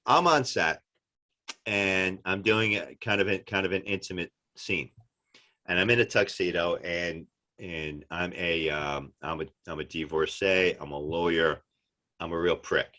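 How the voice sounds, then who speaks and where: Man, deep voice, forceful delivery, animated storyteller, podcast guest chat. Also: measured pace. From United States. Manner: animated storyteller, acts out quotes. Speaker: actor guest. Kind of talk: casual interview chat.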